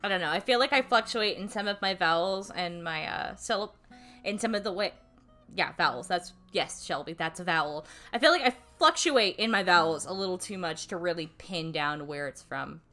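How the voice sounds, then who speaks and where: Young woman streamer, bright sharp voice, faint guitar underneath, loose rambling chat with cursing. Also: lowish voice, lively intonation, normal speed. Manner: rambling, self-deprecating, casual swearing, laughs often. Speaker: streamer and voice actor. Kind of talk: casual livestream chat.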